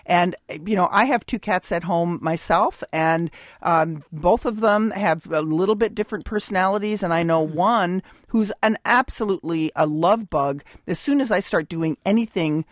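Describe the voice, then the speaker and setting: A woman's voice: on the low side, normal speed, dry recording, studio quality. A woman veterinarian giving advice on a call-in radio show, explaining patiently with frequent ums and restarts. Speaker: veterinarian guest. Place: radio studio.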